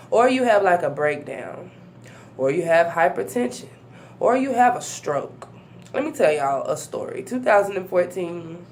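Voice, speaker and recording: A young woman talks bluntly to camera, profane and preachy, with quick asides to her viewers. Her voice sits a little low for a woman. A faint hum runs behind her. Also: darkish tone. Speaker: vlogger. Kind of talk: casual talking-to-camera vlog.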